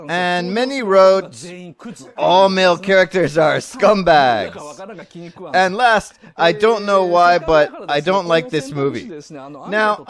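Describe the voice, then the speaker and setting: A man's voice: high-pitched, fairly bright tone. A man delivering an online lecture in a chatty way, quizzing his audience and reading their comments aloud.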